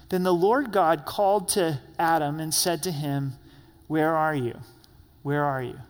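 A man's voice: a little high, big-room sound. A man preaching a sermon as pastor, telling stories and acting out the voices of the people he quotes. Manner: storytelling, acts out quoted voices. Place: church sanctuary.

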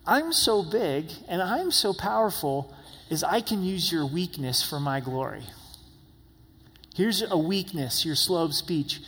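A man preaches a sermon in a slightly high voice that rings out with a long echo. He lifts his voice for emphasis and drops it low when he voices the people he quotes. The sound is that of a large hall. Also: fairly bright tone, husky. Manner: preaching with emphatic rises, voicing God and Moses in quotes. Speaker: pastor.

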